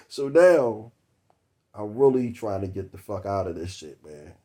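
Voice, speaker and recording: A man, telling a long comic story about a date that cost him, laughing between words and swearing freely. His voice sits a little low. The delivery is loose and conversational. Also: expressive, measured pace, warm tone. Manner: profane, laughing through the story. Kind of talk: comedic storytelling monologue.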